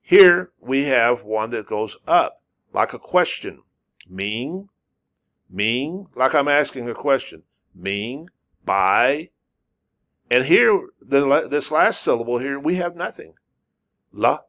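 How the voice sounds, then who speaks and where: A man teaching a spoken lesson in a halting, casual way, with many fillers and restarts, drawing out sounds to demonstrate them. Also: mid-range voice, animated, fairly bright tone. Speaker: language teacher.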